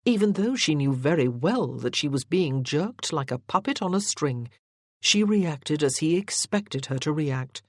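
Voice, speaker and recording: A measured audiobook narrator reading a historical romance at an unhurried pace. The voice sits in a middle register and sounds dry and close to the mic, with no room around it. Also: medium pitch, animated, no echo.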